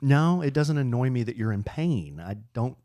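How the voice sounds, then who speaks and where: A man's voice: mid-range voice, big pitch swings, moderate pace, warm tone. A man co-hosting a podcast, joking around in a playful, casual way. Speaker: podcast co-host. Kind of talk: casual chat.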